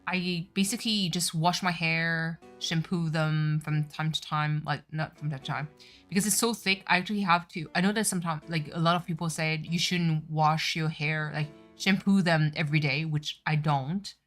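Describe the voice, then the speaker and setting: A woman's voice: low-pitched, steady tone, moderate pace, fairly bright tone, faint music behind. A woman streamer chatting casually and rambling, with lots of fillers. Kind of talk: casual chat on a game stream.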